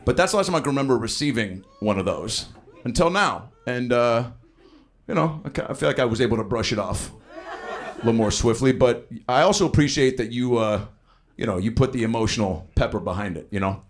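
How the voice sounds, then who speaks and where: A man in his thirties doing improvised stand-up, riffing on audience suggestions with profane, animated storytelling. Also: mid-range voice, fairly quick. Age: 30s. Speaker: stand-up comedian. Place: comedy club stage. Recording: live club with crowd laughter. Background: audience laughter.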